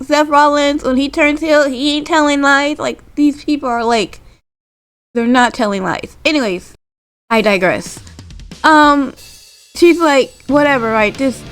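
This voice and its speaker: A woman with a somewhat high voice gives a loose, chatty recap of a wrestling show. She rambles on, peppering her sentences with filler and asking "right?" as she goes. Faint music plays underneath. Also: low-quality recording. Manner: rambling, full of "like" and "right?" tags. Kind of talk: casual spoken recap.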